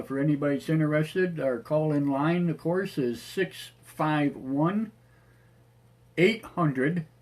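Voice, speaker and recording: A man hosting a live online radio show, his voice raspy tonight, rambling with many fillers and restarts. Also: mid-range voice. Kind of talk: casual live-show chat.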